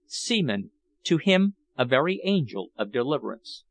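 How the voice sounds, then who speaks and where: A man's voice: mid-range voice, moderate pace. A man reading a novel aloud as an audiobook narrator. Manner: expressive storytelling. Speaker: audiobook reader. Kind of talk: scripted narration.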